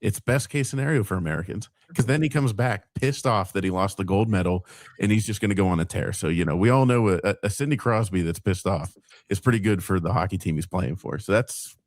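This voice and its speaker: A man's voice: deep voice, fairly quick, no room sound, clean studio sound. A man hosting a podcast, joking loosely about hockey with his co-hosts. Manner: jokey, loose. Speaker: podcast host. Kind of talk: casual sports chat.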